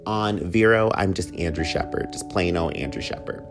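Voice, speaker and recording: A man's voice: low voice, moderate pace, over music. A man hosting his own podcast, chatty and campy, with a playful, slightly whiny way of talking. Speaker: podcast host. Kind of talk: solo podcast talk with a read ad.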